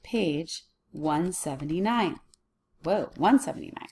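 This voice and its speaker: A woman's voice: fairly low pitch, expressive, slow pace, a little hiss or hum. A woman teaching a Latin lesson to children on video, working patiently through a worksheet and talking herself through each step.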